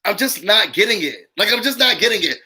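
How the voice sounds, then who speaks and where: A man's voice: sits high, expressive, brisk, pushed and bright, rough recording. A man hosting a casual reality TV recap, talking in a sassy, dramatic, slangy way and repeating lines for emphasis. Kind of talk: casual live recap commentary.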